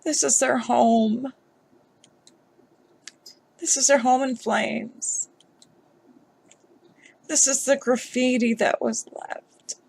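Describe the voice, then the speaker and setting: A woman vlogger giving emotional commentary on a news story, upset and halting, with sighs. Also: high-pitched, steady tone, creaky, a little mellow, husky.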